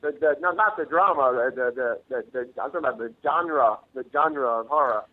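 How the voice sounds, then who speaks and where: A man from Long Island, New York calls in to a radio interview as a guest filmmaker, his voice thin and tinny down a phone line. His talk is modest and rambling, full of halting restarts. The sound is dry and close. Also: medium pitch, no room sound. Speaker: guest, actor and director.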